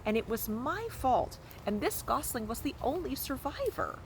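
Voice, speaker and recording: A woman's voice: high-pitched, big pitch swings, normal speed, slight background noise, voice pushed up, low-quality recording. A woman doing a polite cheerful robot. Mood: earnest. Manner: formal, precise, cheerful. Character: polite friendly female robot, earnest and formal.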